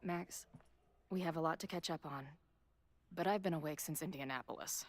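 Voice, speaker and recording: A woman's voice: low voice, moderate pace. An actress playing a tired, blunt young woman in a video game, speaking in a casual, weary way. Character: worn-out young woman, blunt best friend.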